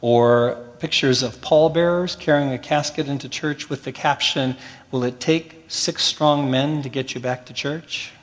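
A man preaching a sermon as pastor, measured, with slow emphatic pauses. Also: medium pitch, fairly even intonation, in a large hall. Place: church.

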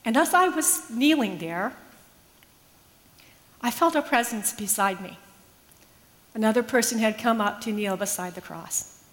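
A woman pastor recounts a personal story of faith, earnest and reflective. Her voice sits a little high, and each measured phrase trails into a long, echoing hall reverb. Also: animated.

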